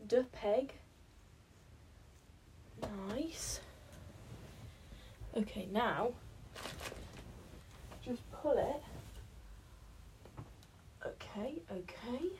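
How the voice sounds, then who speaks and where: A woman's voice: fairly high pitch, lively intonation, drawn-out words, long pauses, darkish tone, a little hiss or hum, low-quality recording. A woman vlogging in casual self-talk, out of breath and self-mocking, often dropping to a whisper. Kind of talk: casual self-talk while building a blanket fort.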